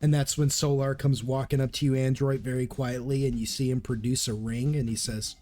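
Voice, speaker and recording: A man's voice: mid-range voice, little pitch movement, fairly quick, dark tone, soft background music. A young man narrating a tabletop game as game master in a playful, teasing way. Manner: playful, teasing, laughs often.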